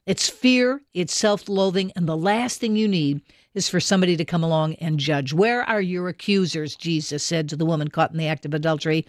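A man's voice: a little high, steady tone, fairly quick, dry recording, clean studio sound. A man hosting a Christian radio interview, talking in an earnest, encouraging, preacherly way.

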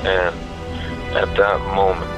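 A man sharing a personal faith testimony, earnest and halting, with pauses and fillers. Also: sits low, flat delivery. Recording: dull lo-fi recording with music under it. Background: soft music bed.

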